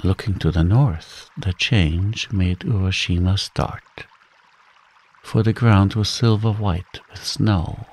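A man reading a bedtime story in a calm, soothing way, taking his time over every phrase. His voice is low, gravelly and very husky, with a breathy texture. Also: rough recording. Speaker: narrator.

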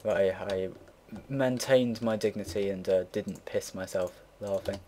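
A low-voiced young man in his late teens chats loosely as he builds something on his computer. He drifts between stories, loses his thread and swears offhandedly. A faint hiss sits under his voice, with soft keyboard clicks behind him. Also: unhurried. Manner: rambling and easily sidetracked, swears casually. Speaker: game builder narrating a build. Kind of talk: casual gameplay commentary. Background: keyboard typing and mouse clicks.

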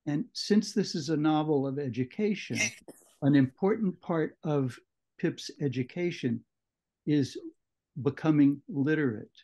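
A man leading a book club discussion, explaining a novel in a measured lecturing way, on muffled audio. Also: fairly high pitch, mellow. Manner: measured, explanatory, with occasional restarts. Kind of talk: literary lecture.

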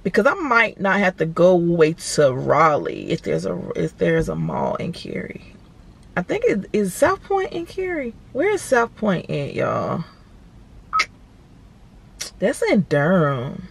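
A woman's voice: fairly low pitch, gravelly, breathy edge. A woman, vlogging and chatting animatedly to viewers from her car. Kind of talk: casual chat to camera.

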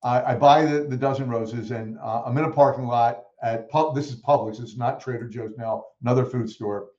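Animated male storyteller, roomy dull sound. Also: mid-range voice, moderate pace. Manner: animated storyteller who acts out quoted voices. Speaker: guest speaker. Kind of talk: storytelling in a podcast interview.

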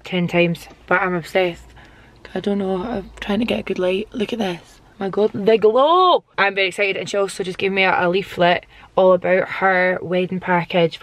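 A woman's voice: medium pitch, no room sound. A young woman, chatting to a handheld camera in a gushing, bubbly vlog. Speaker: vlogger. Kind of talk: casual vlog chat to camera.

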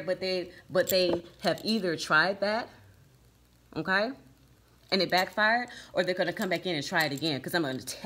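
A woman's voice: on the low side, fairly bright tone, husky. A woman reading tarot cards for her viewers, emphatic and repeating "okay?" and "right?" as she goes. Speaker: tarot reader.

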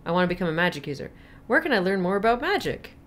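A woman's voice: lowish voice, very animated, rapid-fire, fairly bright tone. A woman streaming a video game, playful and exclamatory, laughing and reacting as she plays. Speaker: gaming streamer. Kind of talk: live game commentary.

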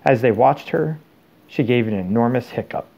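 A man reading a novel aloud to his children at a steady pace. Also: mid-range voice, normal speed, creaky, highs cut off.

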